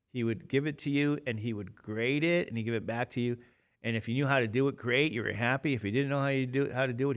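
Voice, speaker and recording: Chatty man in his fifties teaching math. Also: mid-range voice. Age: 50s. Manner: chatty, rambling, jokey asides to students. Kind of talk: casual classroom talk.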